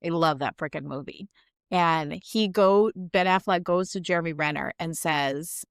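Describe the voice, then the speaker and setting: A woman's voice: on the low side, normal speed, clean tone, no echo, clean studio sound. A woman co-hosting a podcast in casual chat, frank and swearing, venting with laughter. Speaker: podcast co-host.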